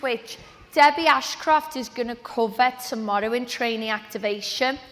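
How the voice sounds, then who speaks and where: A woman with a high, bright voice tells her own story to an event audience in a motivational talk. She chats along and acts out the conversations she remembers. Her voice rings through an echoey large hall from a stage microphone. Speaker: speaker at a training event. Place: event venue with a live audience.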